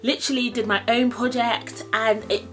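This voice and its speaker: Twenties woman, chatty animated vlogger, music bed. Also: on the high side, normal speed, rough recording. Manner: animated, acts out quoted voices. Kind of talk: casual storytelling to camera.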